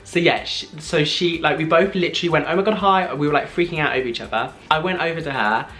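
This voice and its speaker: A young man in his twenties, excitedly retelling a personal story on his vlog, full of "like" and quoted back-and-forth. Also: fairly high pitch, quick pace, faint music behind. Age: 20s. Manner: gushing, breathless retelling full of "like" and "I was like". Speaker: vlogger.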